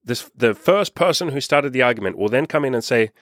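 A man's voice: medium pitch, expressive, brisk, a bit bright, no echo, clean studio sound. A man hosting a podcast, giving casual self-help advice straight to his listeners, laid-back and swearing freely. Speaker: podcast host.

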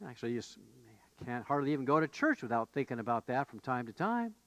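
A male pastor preaching a conversational sermon, with fillers and restarts, rising to animated outbursts when he voices the disciples. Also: medium pitch, fast talker, no echo.

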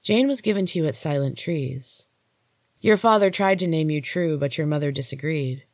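Grave, hushed golden goddess with a low, measured delivery, read by a woman; storybook reading, dry close sound. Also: no echo. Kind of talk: audiobook-style story reading.

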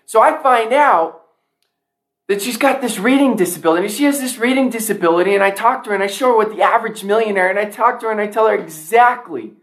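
A man's voice: high-pitched, fast talker. A man giving a motivational speech to a sales audience, emphatic, often repeating key lines for effect. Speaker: motivational speaker.

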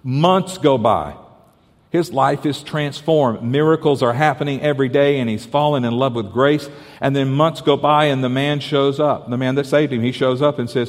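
A man's voice: medium pitch, steady tone, moderate pace. A male pastor preaching a sermon, telling stories with stammered restarts and playful asides. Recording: hall reverb.

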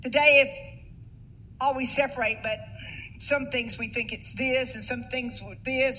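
Woman preacher, high and bright, earnest sermon delivery with emphatic peaks. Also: steady tone, measured pace, low-quality recording. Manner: earnest, rising to emphatic bursts.

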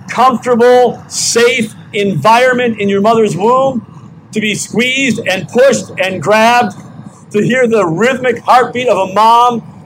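An older man delivers a sermon at a slow, deliberate pace, pressing his points with repeated questions. His voice sits high for a man. Faint outdoor traffic hum runs behind him. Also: a bit bright, low-quality recording. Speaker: pastor. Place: outdoor parking lot service.

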